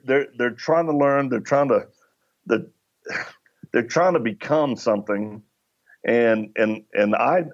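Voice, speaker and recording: Middle-aged male guest, gravelly voice, anecdotal storyteller who plays out the dialogue, slightly muffled recording. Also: medium pitch. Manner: acts out dialogue while telling anecdotes. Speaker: podcast guest. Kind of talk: conversational storytelling.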